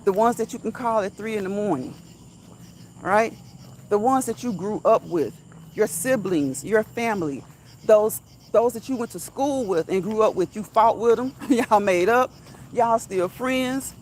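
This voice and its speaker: A woman's voice: medium pitch, measured pace, darkish tone, slight background noise. Lady on a night walk preaching self love into her phone, repeats herself, crickets going. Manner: emphatic, repetitive, preachy with chuckles. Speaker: vlogger. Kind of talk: motivational walk-and-talk. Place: outdoors, walking at night. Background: crickets and insects.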